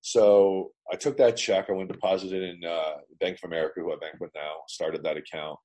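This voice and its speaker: Deep raspy dude from canada, blunt and swears a lot, talking over an online call. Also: male voice, level tone, a little fast, mellow. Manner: blunt, profane, emphatic. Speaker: business owner, interview guest. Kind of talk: casual storytelling. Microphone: remote internet call.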